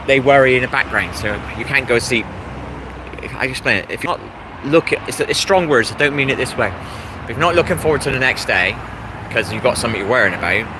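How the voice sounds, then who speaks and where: A low-voiced English man chats loosely on a live stream, wandering from thought to thought and greeting viewers. He is recorded outdoors near a road, and loud traffic noise runs under his voice. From England. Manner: meandering, repeats himself, greets chat viewers. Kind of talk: rambling live-stream chat.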